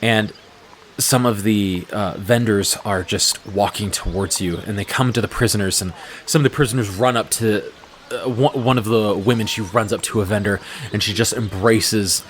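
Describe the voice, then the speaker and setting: Low-voiced guy running a tabletop game, lots of ums, describing the scene. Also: fairly even intonation, a little hiss or hum. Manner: descriptive, unhurried narration with fillers. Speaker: game master.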